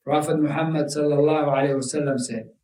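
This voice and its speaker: A man's voice: a little high, fairly even intonation, fast, mellow. A man preaching a sermon to a congregation, emphatic and repetitive, mixing Arabic religious terms into his English. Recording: echoey room, mic at a distance.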